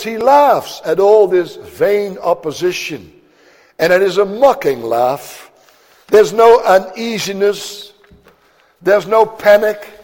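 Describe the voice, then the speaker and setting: A man's voice: a little high, darkish tone. A man preaching a sermon in a solemn, declamatory manner, stretching out words for emphasis. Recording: long hall reverb.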